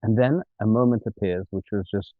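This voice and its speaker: Male interview guest, lowish voice, self-mocking storyteller who acts out dialogue, tinny phone-quality audio. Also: fairly even intonation, fairly quick, dry recording. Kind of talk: telling a funny travel story. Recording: dry, tinny phone-like sound.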